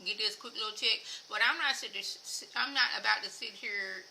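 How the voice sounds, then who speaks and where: A woman recapping a reality show for her viewers in a chatty, opinionated way. She speaks straight to the audience and grows louder and higher when worked up. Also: normal speed, creaky, slight background noise, rough recording. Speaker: TV show reviewer. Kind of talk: casual recap commentary to viewers.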